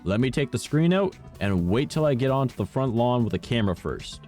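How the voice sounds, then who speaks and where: A man's voice: medium pitch, expressive, brisk, hardly any pauses, a little mellow. A young man streaming, telling long rambling stories in casual chat, swearing often and tacking "right?" onto his sentences. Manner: rambling storyteller, lots of "right?" and "all right?"; swears freely and laughs at his own stories. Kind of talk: casual chat while gaming. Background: faint game music.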